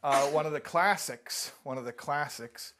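A man gives a live talk full of animated jokes, acting out the characters and often restarting and repeating words. His voice is a little high and his speed normal, and a crowd can be heard in the background.

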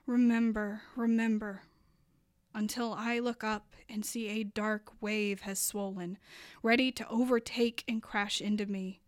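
A young adult woman performing a spoken word poem, her delivery moving between hushed passages and impassioned, rising lines. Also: fairly high pitch, no echo, clean studio sound. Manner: dramatic, building from hushed to impassioned.

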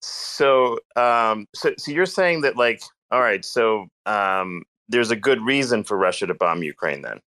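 A man hosting a casual audio chat, crudely teasing the other speaker with deadpan jokes. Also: fairly low pitch, unhurried, hardly any pauses.

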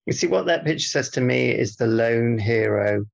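Male comic co-host: gravelly fry, deadpan teasing, muffled lo-fi audio. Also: medium pitch, normal speed. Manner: dry, teasing interviewer. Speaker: podcast co-host. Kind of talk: deadpan comedic banter.

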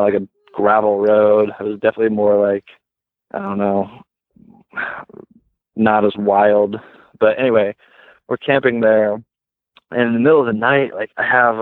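A man talking as a guest, telling a story casually with many "like"s and lively retellings. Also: fairly low pitch, no room sound. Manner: heavy use of "like", lively retelling. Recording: tinny phone line, dry.

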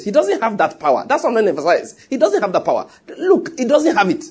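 A man's voice: high voice, huge pitch swings, fast, a little mellow, husky. A male pastor preaching a sermon emphatically, with rhetorical questions.

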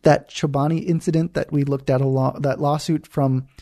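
Gravelly, dark-voiced man co-hosting. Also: on the high side, flat delivery, no room sound, clean studio sound. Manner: halting, restarts often, playful. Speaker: podcast co-host. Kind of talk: casual chat.

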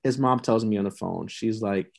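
A man's voice: fairly low pitch, moderate pace, gravelly. A man telling his story as a guest on a podcast interview, earnest and heartfelt, repeating himself for weight. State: emotional, near tears at times. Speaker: youth mentoring program founder.

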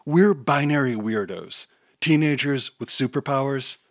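A man's voice: medium pitch, unhurried, no room sound. A man voicing a teenage boy superhero leader who talks in an urgent, exasperated way. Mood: weary.

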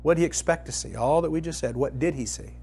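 Using a fairly high-pitched, husky voice at a fast clip, a preacher teaches from the Bible in everyday, conversational language. He brings the story to life, moving from loud passages to hushed ones.

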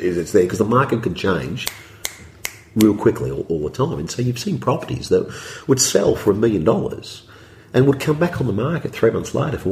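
A man's voice: sits low, creaky, slight background noise. A man talking as an interview guest, rambling through his points and acting out his own thoughts in quotes. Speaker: property developer, podcast guest. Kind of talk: conversational interview talk. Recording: roomy echo.

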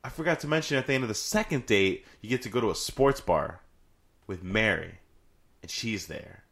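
Animated low-voiced man chatting. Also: moderate pace, vocal fry. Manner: animated, swearing, acts out lines in silly voices. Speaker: podcast co-host. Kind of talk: casual chat about a video game.

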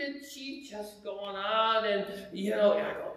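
A man's voice: high-pitched, slow pace. Man preaching in a very echoey hall. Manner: animated, dramatic retelling with quoted dialogue. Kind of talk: storytelling sermon. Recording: very echoey room, faint background hum.

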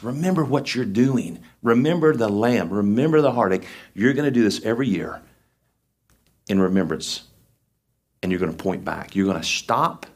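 A man's voice: mid-range voice, darkish tone, breathy edge. A man preaching a sermon, reading scripture aloud and then explaining it with folksy, down-to-earth asides and emphatic repetition. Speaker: lay preacher.

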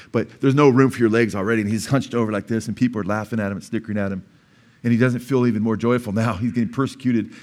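A man with an American accent preaching a sermon in a church, telling stories in a conversational way and acting out the people in them. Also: medium pitch. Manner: conversational storytelling, acts out quoted voices. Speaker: pastor. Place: church sanctuary.

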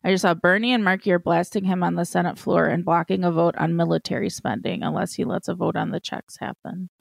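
A woman's voice: lowish voice, fast talker, creaky, dry recording. A woman in casual chat, blunt and frustrated, swearing now and then.

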